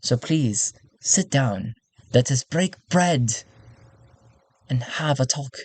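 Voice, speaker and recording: A man putting on a soft, husky English courtier woman. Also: mid-range voice, animated, no echo. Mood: gracious. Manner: slow, proper, deliberate speech. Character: prim alluring female courtier councilwoman. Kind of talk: solo tabletop role-play.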